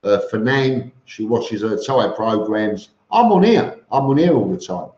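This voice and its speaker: A man's voice: fairly low pitch, a little slow, darkish tone. A middle-aged man with a London accent, chatting casually on a live stream in a blunt, rambling way, with many ums and restarts. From East London, England. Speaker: vlogger hosting a live stream. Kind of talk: casual live-stream chat answering viewers. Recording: roomy, slightly dull audio.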